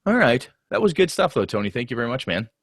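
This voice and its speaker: A man's voice: mid-range voice, sing-song, fast talker, vocal fry, a bit bright, breathy edge, no echo, studio quality. A man co-hosting a gaming podcast in casual chat, teasing his partner and laughing often. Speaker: podcast co-host.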